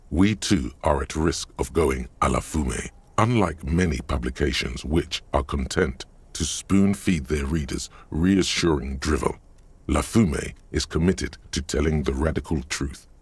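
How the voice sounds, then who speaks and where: An actor voicing a wry male game narrator, telling the story in the second person with a measured, sardonic delivery. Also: extremely low pitch, husky, no echo, heavily acted. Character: deep-voiced male narrator, dry and wry. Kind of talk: scripted voiced narration.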